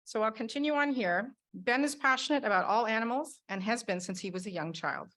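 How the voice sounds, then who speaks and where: A woman on an award selection team presenting prepared remarks in a measured, read-aloud manner. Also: on the high side, fairly bright tone.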